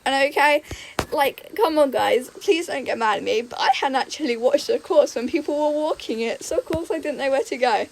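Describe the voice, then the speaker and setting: A woman's voice: high-pitched, moderate pace, a little hiss or hum, poor audio. A young woman telling gaming stories in a chatty, giggly way, full of "like" and "um". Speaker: gaming YouTuber. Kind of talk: casual storytelling over gameplay.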